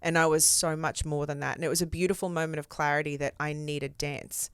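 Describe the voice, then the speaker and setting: A woman's voice: deep voice, fairly even intonation, fairly quick, fairly bright tone, clear, resonant tone, dry recording, clean studio sound. A woman from Australia with an Australian accent, telling stories candidly and expressively as an interview guest, with casual fillers.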